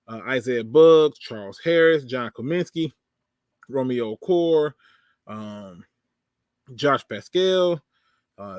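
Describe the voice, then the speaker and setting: A man's voice: mid-range voice, no room sound, clean studio sound. A man hosting a casual sports livestream, reading viewer comments aloud and reacting with sarcasm and frequent laughter. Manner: animated, sarcastic, laughs often, talks to chat.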